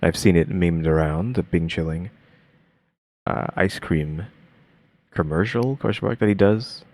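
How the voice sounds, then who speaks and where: A man's voice: low-pitched, a little slow, a little mellow. A man streaming a reaction video, talking casually and rambling with lots of fillers and restarts. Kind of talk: casual commentary.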